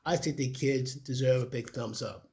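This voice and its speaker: A man's voice: medium pitch, moderate pace, a little mellow. A man hosting his channel, reacting to a video with earnest, slightly preachy commentary and addressing his viewers as folks. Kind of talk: casual commentary.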